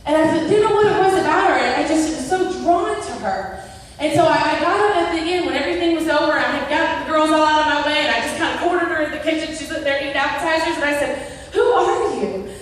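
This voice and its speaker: A high-pitched middle-aged woman tells a personal faith story at a church event, acting out each quote as she goes. Her voice carries through a big echoing hall from some distance away, with a long reverb trailing off every phrase. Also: fast, a little hiss or hum. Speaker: guest speaker. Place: large indoor event hall. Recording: echoey hall picked up from far off.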